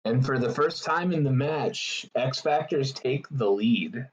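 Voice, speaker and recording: A man co-casting a card game match, giving measured analysis and reactions. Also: medium pitch, expressive, rough recording. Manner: measured analysis, laughs easily. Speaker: esports co-caster. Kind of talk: relaxed game commentary.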